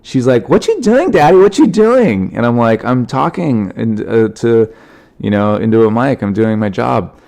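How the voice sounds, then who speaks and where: A man with a slightly low voice and a stuffy, sniffly cold tells loose, animated stories on his own podcast. He rambles with plenty of fillers and restarts. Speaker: podcast host, comedian. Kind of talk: casual solo podcast storytelling.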